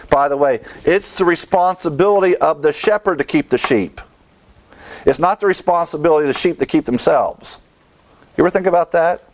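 A man's voice: fairly high pitch, poor audio. Emphatic male Bible teacher. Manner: emphatic, asks the listeners questions and answers them.

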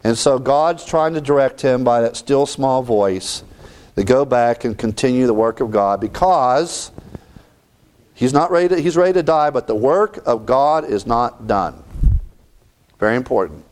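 A man preaching a sermon, reading scripture and swinging between raised lines and hushed ones. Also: medium pitch, lively intonation, a little slow.

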